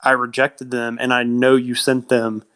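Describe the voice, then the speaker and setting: A man's smooth, fairly bright mid-range voice stays monotone at a normal speed. Co-hosting a podcast, he rambles through a film's plot in a casual retelling stuffed with fillers and quotations.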